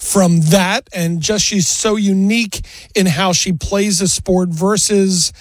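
A man's voice: high-pitched, fairly even intonation, slow, no echo. A man hosting an interview, asking plain questions and offering brief affirmations. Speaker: radio interview host.

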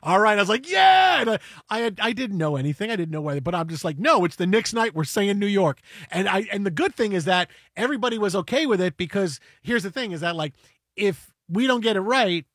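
A male radio host telling a story in animated chat, getting excitable and breaking into shouts and chants. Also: high-pitched, fast, no room sound, clean studio sound.

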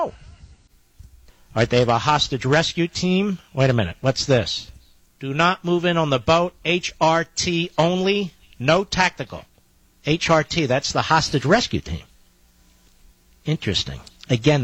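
A man's voice: medium pitch, a bit bright, no echo, low-quality recording. A man hosting live talk radio, relaying a police scanner with emphatic, indignant commentary and repeated phrases.

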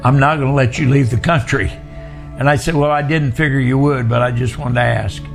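Gravelly older man telling his testimony. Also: mid-range voice, steady tone, faint music behind. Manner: plain, earnest storytelling, slow at times. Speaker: guest storyteller. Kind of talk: personal testimony.

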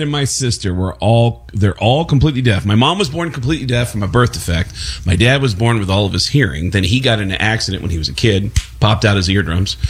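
A male voice actor from the Bronx with no regional accent, telling animated stories as a talk show guest and laughing through them. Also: fairly low pitch, husky. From Bronx, New York.

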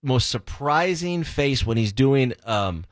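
A man's voice: mid-range voice, takes it slowly, no echo, studio quality. A man co-hosting a radio show, chatting casually and slipping in event details between stories. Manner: relaxed, plugs show info between stories. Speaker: radio co-host. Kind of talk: casual on-air banter. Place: radio studio. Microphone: studio microphone.

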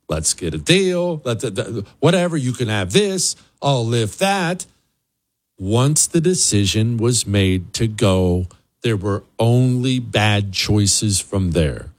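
A man's voice: on the low side, no room sound. A man hosting a radio talk show, giving a blunt, emphatic monologue with sarcastic asides. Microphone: studio microphone.

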